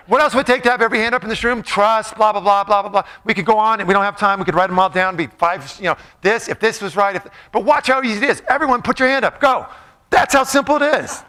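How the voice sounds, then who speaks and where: Bright, high-voiced playful male speaker. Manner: playful, joking, asks the crowd questions. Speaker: motivational speaker. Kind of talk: live talk to an audience.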